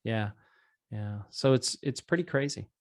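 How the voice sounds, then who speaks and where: A man who founded a startup, talking energetically and with self-deprecation as a guest in a casual interview. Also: on the low side. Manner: energetic, self-deprecating, talks in quick bursts.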